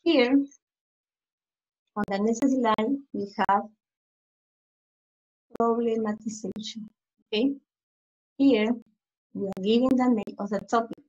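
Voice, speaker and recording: Woman teacher, spanish first language, talks real slow n repeats stuff for little kids, a bit high pitched. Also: a little mellow. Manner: slow, repeats phrases for young learners. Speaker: primary school English teacher. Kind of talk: slide-by-slide lesson explanation. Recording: dull lo-fi recording.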